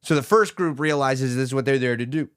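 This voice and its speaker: This podcast co-host speaks briskly in a clear, resonant medium-pitched voice while telling a lengthy story in casual chat. He plays out the people in it himself. The sound is clean studio audio with no room noise.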